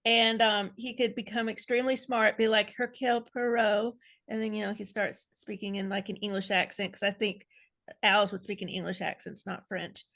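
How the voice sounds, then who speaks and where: A woman's voice: mid-range voice, flat delivery, moderate pace, creaky, fairly bright tone. A woman fan panelist on a video call, rambling playfully through a speculative idea and adding amused asides. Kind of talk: casual video-call chat.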